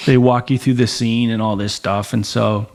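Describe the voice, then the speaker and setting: Middle-aged male guest, animated yarn-spinner, swears freely. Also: medium pitch, moderate pace. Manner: animated storyteller, acts out voices in quotes, heavy swearing. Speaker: podcast guest, former Navy SEAL and police officer. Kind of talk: casual storytelling.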